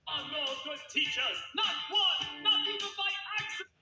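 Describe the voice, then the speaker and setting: A man's voice: very high voice, moderate pace, echoey room, far from the mic, low-quality recording. A man playing a hammy character in a mock Dracula accent, singing a parody song. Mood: hammy, menacing. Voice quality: theatrical, over-the-top accent. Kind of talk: sung parody in a comedy video. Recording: music playing underneath.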